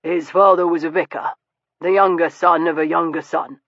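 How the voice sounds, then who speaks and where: Someone playing a wry, brooding young Victorian man in an audiobook, higher-pitched than most men and laconic in his replies. The voice sits close and dry, and the recording is somewhat dull and muffled. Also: steady tone, moderate pace, no echo. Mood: reflective. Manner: dry, laconic, turning wistful. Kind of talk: audiobook character dialogue.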